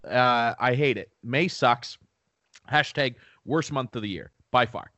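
A man's voice: medium pitch, a little slow, pushed and bright, dry recording, highs cut off. A young man from Canada co-hosting a podcast, ranting in casual chat and swearing freely. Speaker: podcast co-host.

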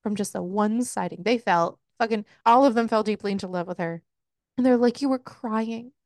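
A woman co-hosting a casual book podcast, retelling a plot with lots of swearing and quick put-on quotes of the characters. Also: mid-range voice, a little mellow, no echo, studio quality. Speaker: podcast co-host. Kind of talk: casual book-review chat.

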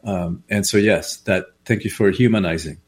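Lower-voiced man telling client stories. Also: moderate pace. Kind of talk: casual podcast conversation.

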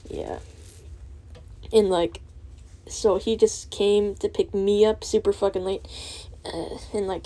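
Teenage girl, breathy and low-key, rambling and self-deprecating as she talks. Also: dark tone. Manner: rambling and self-deprecating, with heavy filler words and swearing. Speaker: student vlogger. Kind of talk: rambling monologue.

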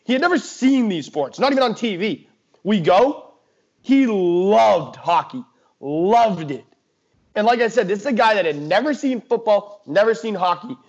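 A young man co-hosting a sports podcast, telling a story in a chatty, animated way with lots of fillers and restarts. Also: high voice, normal speed. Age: young adult. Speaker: podcast co-host. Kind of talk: casual sports chat. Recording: dull lo-fi podcast audio.

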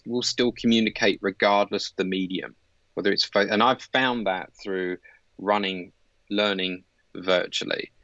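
A low-pitched man in middle age talks through coaching ideas earnestly, leaning on "you know" and restarts. His voice comes through dull and lo-fi. The room sounds dry and close. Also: a bit bright, dry recording. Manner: earnest, explanatory, with frequent fillers. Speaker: leadership coach. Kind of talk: conversational interview.

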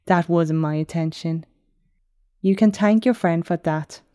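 A woman reading a smug, calm enchantress. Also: fairly low pitch, a little slow, no echo, clean studio sound, lightly acted. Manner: calm, cryptic, mildly mocking. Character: calm, smug female enchantress, wolf shapeshifter.

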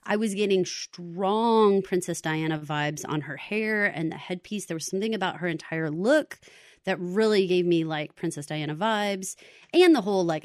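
A woman co-hosting a podcast, chatting casually about a show in an animated, exclamatory way and laughing often. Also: fairly low pitch, moderate pace, dry recording, clean studio sound. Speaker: podcast co-host. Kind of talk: casual chat reviewing a show.

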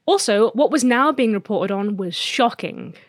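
Telling a spooky tale on a laid-back podcast, this English co-host teases playfully and uses dramatic pauses. She has a mid-range voice with lively intonation, captured in studio quality without echo.

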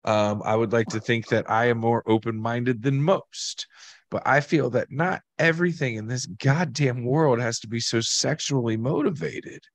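A man co-hosting a casual podcast, talking bluntly with lots of swearing and animated bursts. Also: mid-range voice, moderate pace, no echo. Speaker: tattoo artist, podcast co-host.

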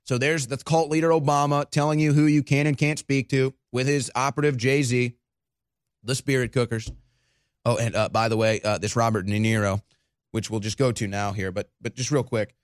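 A man hosting a political commentary show, excitable and mocking, often breaking into laughter. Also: mid-range voice, moderate pace, clear, resonant tone, no echo, clean studio sound. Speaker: host.

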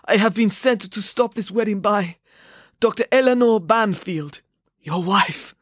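A storybook narrator voicing an exhausted, rake-thin woman who pants and rasps between words. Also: mid-range voice, measured pace, dry recording, clean studio sound, voice pushed up, close to an everyday voice. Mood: desperate. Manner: panting, rasping between words. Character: weary, breathless thin woman intruder.

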